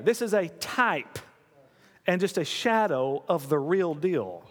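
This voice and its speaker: Guy preaching in a church, high voice, chatty, keeps repeating the big lines, reverb trailing off. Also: lively intonation, moderate pace, gravelly. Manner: conversational, coaxing the audience, repeats key lines. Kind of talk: sermon.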